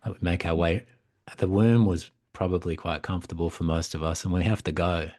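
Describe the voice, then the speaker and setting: A man, a psychotherapist and mythologist, retelling a fairy tale in conversation, reflective and animated. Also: deep voice, a little fast, no echo, clean studio sound. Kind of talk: conversational storytelling.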